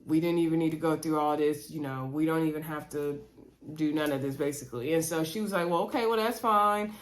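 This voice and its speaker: A woman's voice: deep voice, fairly quick. Chatty woman recapping a reality show. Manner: chatty and animated, retelling scenes with quoted dialogue. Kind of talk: casual recap chat.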